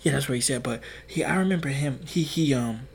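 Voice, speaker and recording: A man's voice: medium pitch, brisk, creaky, breathy edge. Rambling, profane young man podcast host. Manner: rambling, profane, restarts and acts out quotes. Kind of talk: casual storytelling monologue.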